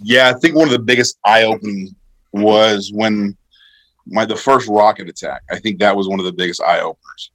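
Low-voiced veteran man, relaxed storyteller. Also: normal speed, no room sound, rough recording. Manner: relaxed, rambling with fillers and self-corrections. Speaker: army veteran guest. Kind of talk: casual conversational storytelling.

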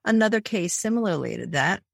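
Low gravelly-voiced woman therapist. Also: very animated, a little fast, dry recording, studio quality. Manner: vivid storyteller who acts out quoted voices. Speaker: therapist and author. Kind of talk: podcast interview, telling case stories.

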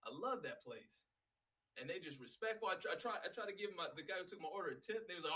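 A man rants in a loose, profane, exasperated monologue. His voice sits fairly high and sounds bright and tense. He is recorded from some distance off the mic. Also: wildly swooping pitch, quick pace. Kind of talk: casual ranting monologue.

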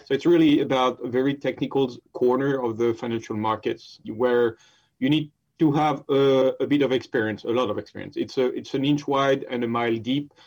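A man speaks as a podcast guest, laying out his work as an expert witness. He talks in a measured, precise way at a middle pitch. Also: darkish tone. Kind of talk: casual interview.

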